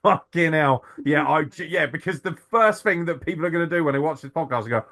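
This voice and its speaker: A man's voice: on the high side, brisk, fairly bright tone. A man hosting a crude comedy podcast, introducing guests in a mock-grandiose announcer manner full of profanity. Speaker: podcast host.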